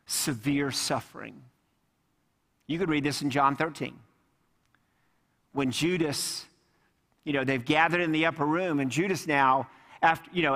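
A man's voice: on the high side, fairly bright tone. A man preaching a sermon as a pastor, emphatic and repeating key words for weight, often putting questions straight to his congregation. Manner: addresses the congregation directly with questions. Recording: long reverb of a large hall.

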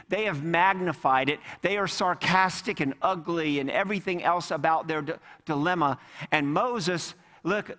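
Preaching man in a reverberant hall. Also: a little high. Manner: animated, acts out voices of the people in the reading. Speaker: pastor. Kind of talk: sermon.

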